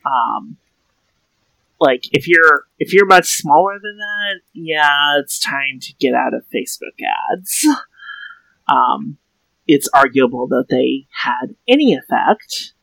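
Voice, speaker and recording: Guy with a gravelly voice chatting slow on a podcast, dry sound, kinda sardonic and rambly. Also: a little high, animated, pushed and bright, no echo, poor audio. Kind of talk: casual podcast chat.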